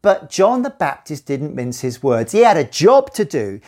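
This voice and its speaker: A woman's voice: deep voice, sing-song, moderate pace, few pauses, darkish tone. A woman giving a children's Bible talk in church, speaking expressively to the children who are listening.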